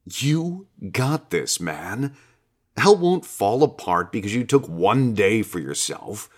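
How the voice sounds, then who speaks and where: Casting: man voicing a chill, cussing God, very deep voice, lively swinging delivery, audiobook. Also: slow, heavily acted. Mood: coaxing. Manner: relaxed, coaxing, swears freely. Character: laid-back, foul-mouthed male God, casual bro. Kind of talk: audiobook character reading.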